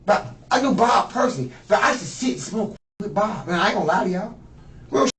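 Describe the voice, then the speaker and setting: A man's voice: sits high, lively intonation, fast, a bit bright. A man in his fifties, a suspect being questioned, talking in a rambling, boastful and profane way. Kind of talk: rambling interrogation talk. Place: interrogation room. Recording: echoey room, distant mic, faint noise.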